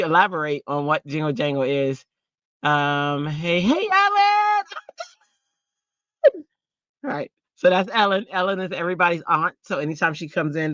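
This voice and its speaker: A woman's voice: deep voice, no echo, lo-fi sound. A middle-aged woman hosting a casual craft livestream, chatting with viewers and reading their comments aloud. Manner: chatty and animated, laughing, teasing chat. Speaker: craft channel host.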